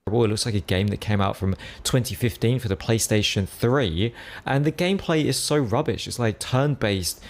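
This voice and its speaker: A man's voice: fairly low pitch, moderate pace. A man reviewing a video game in a dismissive, complaining way. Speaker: game reviewer in a played clip.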